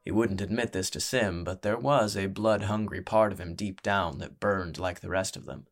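A man reading a fantasy audiobook as narrator, with measured, dramatic storytelling. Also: deep voice.

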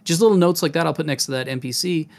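Casual podcast host, game master, animated, slightly high voice. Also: male voice, fast talker. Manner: animated, demonstrative, jumps into voices.

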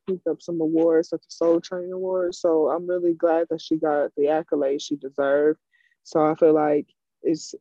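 A man's voice: on the high side, dark tone, dull audio, a little hiss or hum. A man in a casual chat, speaking in a chatty way, searching for his words.

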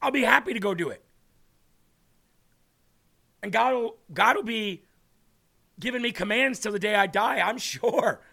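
A man's voice: high voice, measured pace, vocal fry, long pauses, pushed and bright. A man hosting a faith talk show, preaching earnestly and emphatically and repeating phrases for effect.

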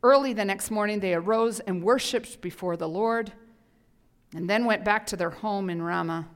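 A woman pastor preaching a sermon with passion, dropping to whispers and rising to loud emphasis. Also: medium pitch, moderate pace, smooth. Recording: hall reverb.

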